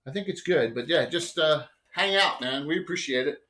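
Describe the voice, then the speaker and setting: A man with a fairly high voice runs a tabletop game for his players, rambling through his setup. He trails off, restarts sentences, and fills gaps with "uh" and "you know" as he lays out the scene. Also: a little fast, sharp tone. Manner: rambling, with many fillers and self-corrections. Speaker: game master. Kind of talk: running a live tabletop game.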